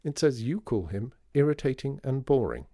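Man voicing a stern older woman, reproachful, lively, dry close mic. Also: mid-range voice, moderate pace, no echo, pitched above the performer's own voice. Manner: reproachful, then gentle.

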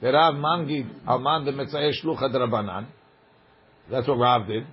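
A man's voice: medium pitch, fairly even intonation, moderate pace, lo-fi sound. A man teaching a Talmud class, reading the Aramaic text aloud and explaining it in casual English.

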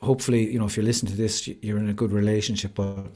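Irish guy on a zoom call, kinda low voice, chatty and earnest, lots of "like" and "you know". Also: flat delivery, racing, a little mellow. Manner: earnest, open storytelling with frequent "like" and "you know". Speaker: podcast guest. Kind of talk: candid conversational interview. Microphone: video call.

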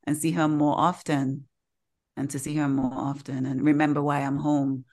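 Woman, podcast co-host, slightly low voice, animated storyteller, casual chat. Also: moderate pace. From Caribbean.

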